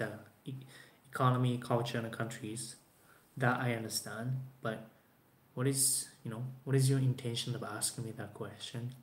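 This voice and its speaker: A Japanese man in his 20s, a native Japanese speaker with a medium-pitched voice, vlogs casually to camera while answering viewer questions. He rambles with lots of fillers and restarts, and the recording has a roomy echo and faint background noise.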